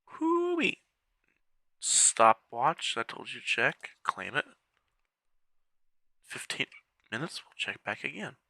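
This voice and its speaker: Clicking through a strategy game's menus, a walkthrough creator offers chatty, casual commentary and mutters to himself, interrupted by hiccups. His medium-pitched voice is animated, slow, creaky, bright, and forceful, with frequent pauses and no echo.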